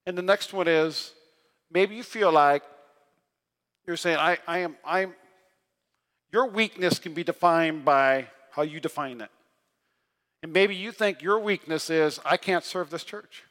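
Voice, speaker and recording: A man preaching a sermon with a high, bright, forceful voice. He tells his stories with lively energy and pokes fun at himself along the way. His words ring out with the long reverb of a large church hall. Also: a little slow, pauses often. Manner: energetic storytelling with self-deprecating humor. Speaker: pastor.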